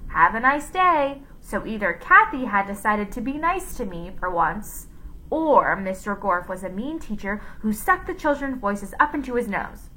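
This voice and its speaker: A woman's voice: medium pitch, very animated, moderate pace, sharp tone, rough recording. A woman voicing a brash, cheerful lunch lady who talks in a sassy, matter-of-fact way.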